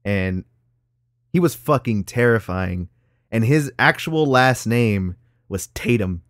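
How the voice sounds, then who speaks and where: Young dude, super lively voice all over the place, laughs a ton, dry mic. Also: male voice, fairly low pitch, slow, no room sound. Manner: animated, laughing, swears freely, calls people dog. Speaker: podcast co-host. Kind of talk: casual chat.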